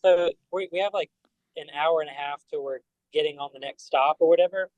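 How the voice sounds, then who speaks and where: A man, a band member guest on a podcast, telling animated stories full of fillers. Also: fairly high pitch, brisk, dull audio. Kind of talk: casual storytelling.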